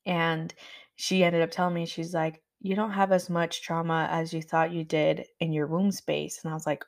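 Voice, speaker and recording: A woman's voice: low-pitched, level tone, normal speed, creaky. A young woman hosting a podcast, telling a personal story in a candid, chatty way with frequent fillers. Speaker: podcast host.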